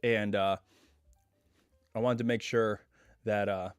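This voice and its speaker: A man hosting a casual live stream from home, chatting in a rambling way full of asides, his voice still a little hoarse as it recovers. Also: on the low side, fairly even intonation, slow, dry recording, clean studio sound, soft background music.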